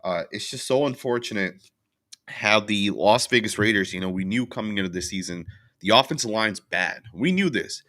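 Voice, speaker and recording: A young man with a low, deep voice and a bright, forceful edge, venting about a loss in a casual recap. He rambles and restarts, packs his talk with fillers, and stops to answer viewers' chat comments. His frustration holds steady from start to finish. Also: moderate pace. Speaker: sports channel host. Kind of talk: casual post-game recap, reading chat.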